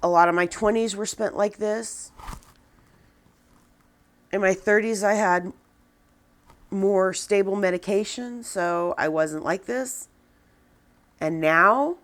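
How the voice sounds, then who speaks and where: A woman in her forties talking to a camera, venting in a halting, downcast way with many restarts. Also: medium pitch. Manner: subdued and downcast. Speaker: vlogger. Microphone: camera with a person filming.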